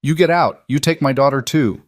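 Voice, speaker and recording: A weary captive woman with an Eastern European accent, as a man puts her on. Her speech is flat and clipped in broken phrases, higher than his own voice, recorded dry and close. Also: moderate pace, no echo, natural voice. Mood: flat, desperate. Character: frightened weary trafficked woman, broken English.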